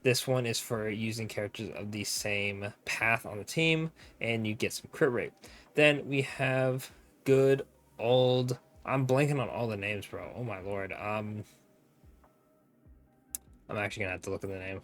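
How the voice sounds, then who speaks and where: A man's voice: lowish voice, unhurried, fairly bright tone. A young man giving casual game guide commentary, rambling and often forgetting names with self-mocking asides. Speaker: gaming content creator.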